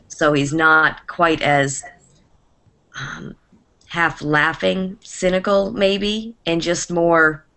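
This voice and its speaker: A woman's voice: deep voice, fairly bright tone. A woman from New England, a drama teacher, giving thoughtful feedback on a video call with frequent ums. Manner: thoughtful, hesitant with many ums. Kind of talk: casual video call discussion.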